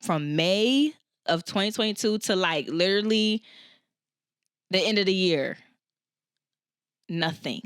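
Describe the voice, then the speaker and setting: A woman's voice: fairly low pitch, clear, resonant tone, no echo, clean studio sound. A woman in her twenties from Philadelphia hosting a podcast, telling a personal story candidly and holding back tears. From Philadelphia, USA. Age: 20s. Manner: candid, emotional, addresses listeners as y'all. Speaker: podcast host.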